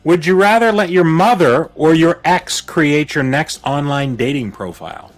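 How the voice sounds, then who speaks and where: A man's voice: a little high, expressive, normal speed, soft background music. A man co-hosting a live stream chat, joking and rambling through would-you-rather questions, often asking "you know what I mean?".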